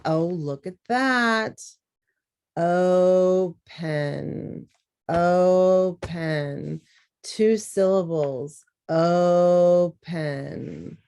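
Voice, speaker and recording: Woman teacher, phonics lesson, very slow patient delivery, lowish voice. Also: darkish tone. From Southern US. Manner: slow, patient, sounding out words.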